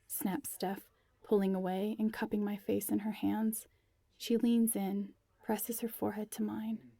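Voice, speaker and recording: Female story narrator, intimate and hushed, flat delivery, dry close sound. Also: medium pitch, moderate pace, creaky, dry recording. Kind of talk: first-person story reading.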